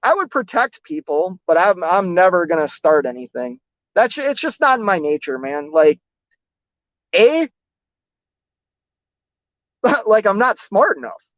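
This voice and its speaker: A man's voice: sits high, big pitch swings, measured pace, pauses often, a bit bright, no echo. A man who drives trucks, chatting casually on a live stream and reading out viewer comments in a rambling, self-deprecating way. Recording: dull lo-fi, dry close sound.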